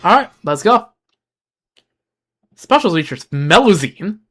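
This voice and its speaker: Animated gaming commentator. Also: mid-range voice, takes it slowly, faint music behind. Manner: animated, joking, reacts loudly. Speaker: gaming YouTuber. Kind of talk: casual commentary while playing.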